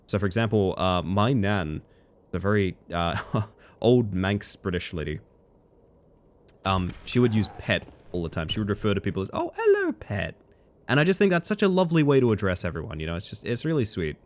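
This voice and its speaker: A man's voice: fairly low pitch, animated, fairly quick. A man streaming live, chatting casually with viewers and reading their messages aloud, laughing often. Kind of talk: casual live-stream chat while gaming.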